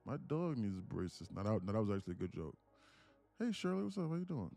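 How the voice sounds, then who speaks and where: This livestream day trader has a lowish, gravelly voice and talks a little fast, with faint music in the background. His casual viewer chat is lively and profane, packed with jokes and frequent laughs.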